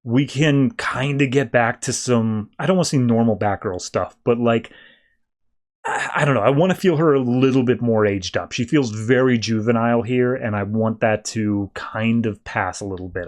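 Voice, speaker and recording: A man hosting a podcast, recapping comics in a relaxed, rambling way with many fillers. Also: mid-range voice, normal speed. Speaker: podcast host. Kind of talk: casual comic book recap.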